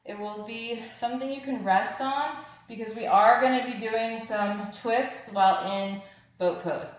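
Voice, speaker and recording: A woman's voice: fairly high pitch, a little slow. Upbeat woman instructor, breathless, calling yoga cues in a very echoey room. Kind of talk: guided yoga class cues.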